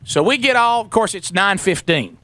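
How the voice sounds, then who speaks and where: Bright-voiced radio host spinning a yarn. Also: male voice, high voice, normal speed, no echo. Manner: animated, acts out quoted voices, sarcastic. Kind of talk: casual storytelling on talk radio. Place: radio studio.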